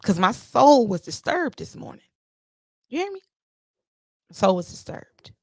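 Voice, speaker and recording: A woman hosting a podcast, telling a story in a casual, animated monologue and repeating herself for emphasis. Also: fairly high pitch, measured pace, breathy edge, dry recording, studio quality. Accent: playful put-on Jamaican-style lilt at times. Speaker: podcast host.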